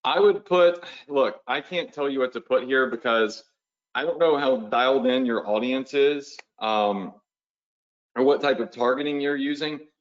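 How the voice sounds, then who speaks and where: A man's voice: mid-range voice, measured pace, highs cut off. A man hosting a live webinar as an online business coach, talking in a casual, pushy, motivational way and often checking in with the audience.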